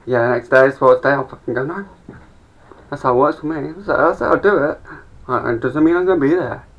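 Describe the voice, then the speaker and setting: Young man, gravelly voice, sweary rambling stand-up, dull lo-fi sound. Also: mid-range voice, brisk. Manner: rambling, sweary, mumbling asides. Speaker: amateur comedian. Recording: dull lo-fi home recording.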